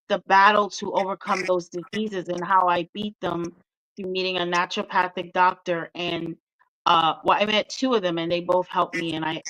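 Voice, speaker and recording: A woman's voice: fairly low pitch, fairly bright tone, dry recording, poor audio. A middle-aged woman, a guest author, telling her story with earnest feeling in a casual interview chat.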